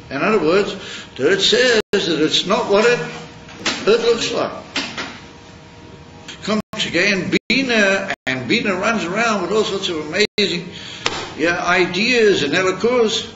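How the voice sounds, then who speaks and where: A man delivers an informal Torah lecture in a slightly high voice, pausing often as he searches for words. The recording is roomy and dull. Steady background noise runs underneath. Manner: halting, searching for words, mixing Yiddish and Hebrew terms. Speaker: rabbi teaching Chassidus.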